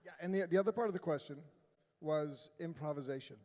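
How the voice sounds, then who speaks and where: A man with a Southern US accent, making quick wisecracking asides on a convention panel. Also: a little high, a little mellow. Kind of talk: bantering panel chat.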